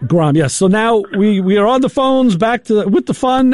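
A man hosting a show, telling rambling, animated stories in casual chat and acting out what people said. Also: high voice, normal speed, hardly any pauses, no room sound. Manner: rambling, animated anecdotes with acted-out quotes. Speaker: show host.

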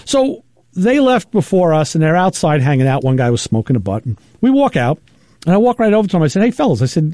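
A man hosting a show, telling rambling, animated stories in casual chat and acting out what people said. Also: high voice, fast talker, dry recording, studio quality. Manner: rambling, animated anecdotes with acted-out quotes. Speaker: show host.

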